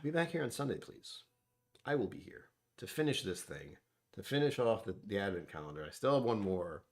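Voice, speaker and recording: Low-voiced man rambling through a whiskey tasting. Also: big pitch swings, fairly quick. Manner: rambling, self-deprecating, thinks aloud. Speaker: whiskey reviewer. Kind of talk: casual whiskey tasting vlog.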